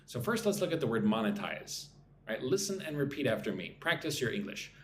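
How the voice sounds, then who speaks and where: Lively male English teacher, echoey room. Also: medium pitch, brisk, slight background noise. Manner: lively, answers chat comments and drills pronunciation. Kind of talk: live-stream English lesson.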